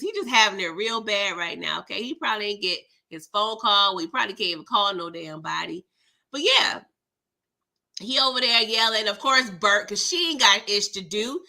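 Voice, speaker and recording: A woman's voice: a little high, sharp tone. A woman hosting a casual live recap of a TV episode, talking in a sassy, slangy, exasperated way. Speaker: TV recap host.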